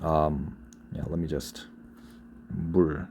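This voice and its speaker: A man's voice: extremely low pitch, level tone, slow, warm tone, slight background noise. A young man teaching a grammar lesson, explaining patiently and often repeating or correcting himself. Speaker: Korean language teacher.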